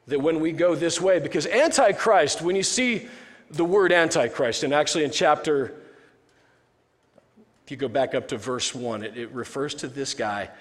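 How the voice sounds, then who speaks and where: A pastor with a fairly high voice delivers a sermon casually and jokingly, frequently restarting his sentences. A long reverberant tail follows his words, like in a large hall.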